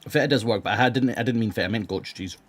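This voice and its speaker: A man's voice: lowish voice, racing. A young man streaming live and chatting with his viewers. He is blunt, rambles, swears freely and has a sore throat. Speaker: live streamer reading chat. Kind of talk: casual live-stream chat.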